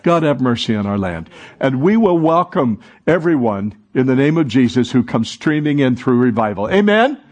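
A man's voice: mid-range voice, big pitch swings, normal speed, darkish tone. A man preaching a sermon as pastor, calling on the congregation to answer and repeat after him. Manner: preaching, calls for congregation responses. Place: church sanctuary.

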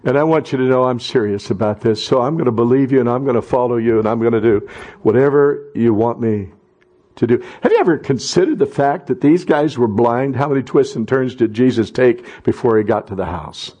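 A middle-aged man preaching a sermon as pastor, talking conversationally and then rising to loud impassioned cries. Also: medium pitch, expressive, a little fast.

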